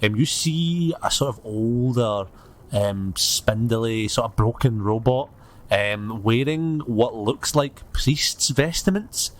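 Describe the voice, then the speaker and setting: Game master, middle-pitched man, easygoing and hesitant narration. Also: slow pace. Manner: relaxed, hesitant with frequent ums.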